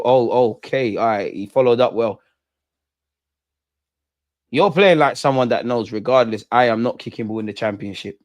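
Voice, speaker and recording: A young man hosting a live football watch-along, reacting loudly and bantering at the players. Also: mid-range voice, normal speed, long pauses. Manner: excitable, shouts at goals, banters at players. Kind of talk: live match reaction commentary.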